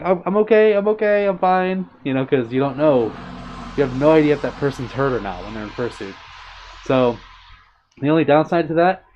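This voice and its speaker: Through dull, lo-fi stream audio, a livestream host reads his chat and greets viewers by name in a cheerful, casual way. His voice is mid-range with a darkish tone.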